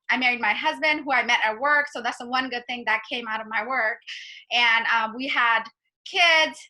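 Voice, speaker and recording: A woman's voice: on the high side, bright, forceful tone, rough recording. A woman in her thirties, a coach, telling her personal story on a group video call in an earnest, emotional way with many fillers.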